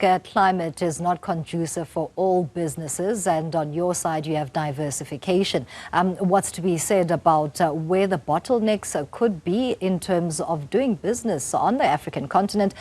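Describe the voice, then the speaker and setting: A woman's voice: on the low side, lively intonation, normal speed, few pauses, darkish tone. A woman news anchor reading a business story and interviewing a guest in a composed way, with small 'uh' fillers.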